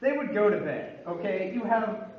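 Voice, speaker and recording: A man's voice: sits high, animated, normal speed. A man telling a humorous story about himself as a monologue, with wry, building comic exasperation. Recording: very echoey, distant, dull room recording.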